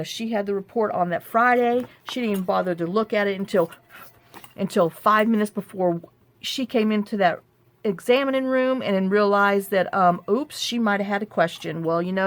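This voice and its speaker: A woman chatting casually at her craft table, venting in frustration and restarting often. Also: mid-range voice. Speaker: journaling crafter. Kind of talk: casual rambling chat.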